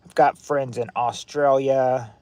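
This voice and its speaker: A US livestream host speaks slowly and steadily in a medium-pitched, darkish voice, with no room sound. He chats casually with viewers from home at night, lights on, rambling and restarting often.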